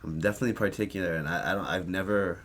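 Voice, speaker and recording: Young dude rapper guest, real deep voice, chill, swears some. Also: male voice, very fast, fairly bright tone. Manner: loose and casual, swears, lots of "yeah". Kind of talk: casual podcast chat.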